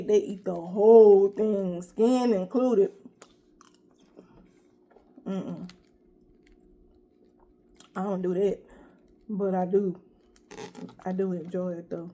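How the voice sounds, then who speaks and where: A middle-aged woman vlogger with a warm, medium-pitched voice eats while chatting casually, telling a story directly to her viewers in an eat-with-me style.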